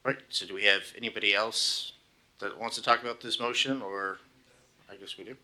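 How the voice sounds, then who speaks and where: A man chairing a city council public hearing, speaking calmly and politely as he keeps the meeting on topic. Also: fairly low pitch. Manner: calm, measured, polite procedural tone.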